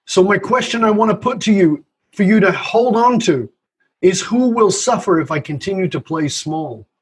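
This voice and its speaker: A man's voice: high-pitched, animated, normal speed, slightly rough. A man, an author and leadership speaker, telling stories animatedly in conversation and acting out the voices in his anecdotes. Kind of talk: storytelling in conversation.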